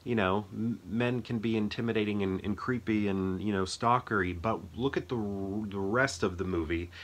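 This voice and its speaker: Low-voiced man rambling eagerly. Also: moderate pace. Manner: rambling and enthusiastic, many restarts. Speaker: movie review host. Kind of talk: casual solo chat about a film.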